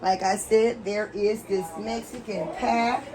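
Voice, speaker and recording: A woman's voice: medium pitch, fairly even intonation, measured pace, crowd noise. A woman hosting a casual home cooking vlog in her kitchen, chatting to viewers as y'all. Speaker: cooking vlogger. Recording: noisy home recording.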